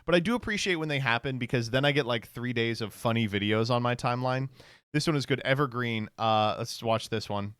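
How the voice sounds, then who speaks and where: A man's voice: mid-range voice, brisk, fairly bright tone, smooth, no room sound, clean studio sound. A man streaming casual commentary, reacting to online posts with sarcastic remarks, frequent laughter and text read aloud.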